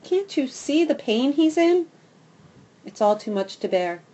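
A gentle, motherly female dog from a storybook, speaking with soft sympathy, as a woman reads her. Her voice sits a little high and tender. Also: very animated, measured pace. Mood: kind.

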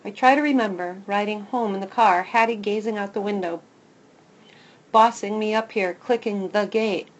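A woman narrating a first-person children's story in a lively, expressive way. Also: medium pitch, normal speed, highs cut off. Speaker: audiobook narrator.

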